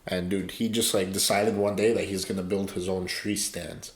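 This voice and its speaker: A man's voice: deep voice, little pitch movement, normal speed. A man co-hosting a podcast, telling stories in a laid-back, slangy way during casual chat. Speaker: podcast co-host. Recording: roomy echo.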